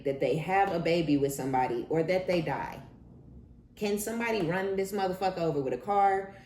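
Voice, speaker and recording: A woman's voice: sits low, darkish tone, reverberant. A woman giving a casual tarot reading, blunt and profane, acting out the people she talks about. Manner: blunt, profane and dramatic, acts out quoted people. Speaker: tarot reader.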